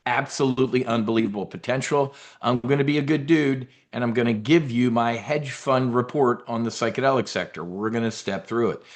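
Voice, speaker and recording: A man's voice: mid-range voice, brisk, few pauses. Brash, blunt man hosting a trading webinar. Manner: brash, blunt, swears, talks in military slang. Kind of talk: casual live trading webinar.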